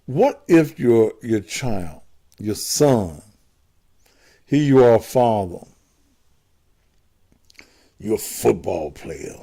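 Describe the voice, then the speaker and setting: A man hosting a call-in talk show, posing provocative, drawn-out rhetorical questions to his listeners. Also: on the low side, very animated, warm tone.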